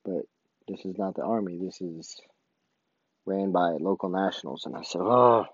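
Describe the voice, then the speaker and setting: A man's voice: low voice, moderate pace, breathy edge, no room sound, muffled recording. A man, an army sergeant, casually telling a story about his duty station and acting out the dialogue. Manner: animated, acts out quoted dialogue.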